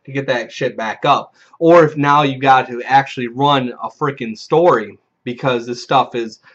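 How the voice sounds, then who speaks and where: A man's voice: mid-range voice, moderate pace, a bit bright. A man hosting a video, casually telling a rambling, profane story from a tabletop game and acting out the players he quotes. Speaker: video host. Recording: dull lo-fi recording.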